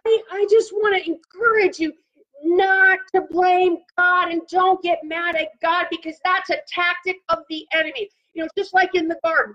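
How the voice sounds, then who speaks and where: A woman's voice: extremely high pitch, fairly even intonation, normal speed, bright, forceful tone. A woman preaching a sermon and praying, emphatic and repeating phrases for effect. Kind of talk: sermon with prophetic prayer. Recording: muffled lo-fi audio.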